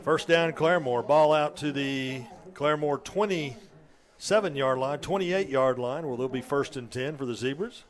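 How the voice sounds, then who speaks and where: A man calling play-by-play for a high school football game, steady and matter-of-fact with occasional fillers. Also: normal speed. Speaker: play-by-play announcer.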